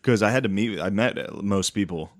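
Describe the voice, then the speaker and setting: A man's voice: on the low side, moderate pace, no echo, clean studio sound. A man in his thirties from Pennsylvania co-hosting a casual podcast chat, laughing often and acting out quotes. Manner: laughs often, swears freely, acts out quotes. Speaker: podcast co-host.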